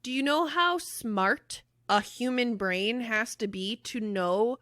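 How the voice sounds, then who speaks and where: Podcast lady, bright punchy voice, swears a ton, super dry close mic. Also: fairly high pitch, slow pace, dry recording. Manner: animated, swears freely, laughs loudly. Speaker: podcast co-host. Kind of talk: casual chat.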